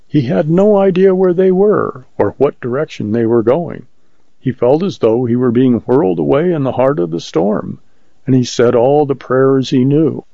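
A man reading a story aloud as narrator in a measured, even way. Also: medium pitch, vocal fry, dry recording. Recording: muffled lo-fi recording.

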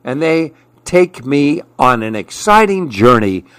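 A man reading a children's storybook aloud, with a slow, expressive delivery. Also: on the high side, clean tone, dry recording, clean studio sound.

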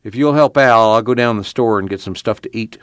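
Seorang pria memerankan ayah petani yang lelah dan praktis, berbicara dengan dialek pedesaan. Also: male voice, on the low side, a little fast, fairly bright tone, no echo, voice pushed up, lightly acted. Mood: tired. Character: weary practical farming father.

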